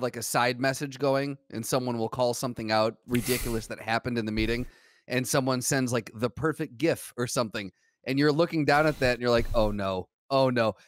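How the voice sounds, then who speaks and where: A man's voice: mid-range voice, a little hiss or hum. A man co-hosting a podcast in an easygoing way, asking follow-up questions and telling a story. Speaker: podcast co-host. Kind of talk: casual chat.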